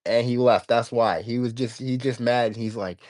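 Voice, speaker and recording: A man's voice: medium pitch, steady tone, normal speed, a little mellow, no room sound. A man hosting a casual livestream, rambling in stops and restarts as he talks to his viewers. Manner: rambling, stop-start, reading out chat comments. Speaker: livestream host.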